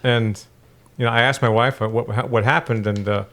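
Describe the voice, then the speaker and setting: A young adult man co-hosting a casual gaming podcast, telling stories in an animated, profane, ranting way. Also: medium pitch, normal speed. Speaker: podcast co-host.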